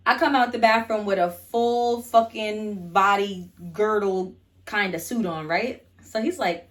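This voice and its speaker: Young woman, casual storytime vlog, blunt, swears a lot, chatty fillers, mid-pitched voice. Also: a little slow. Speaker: vlogger.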